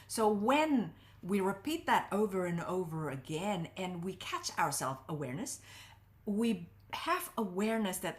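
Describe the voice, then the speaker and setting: A middle-aged woman relationship coach giving earnest, expressive advice as an interview guest, her pitch swinging up for emphasis. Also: a little slow.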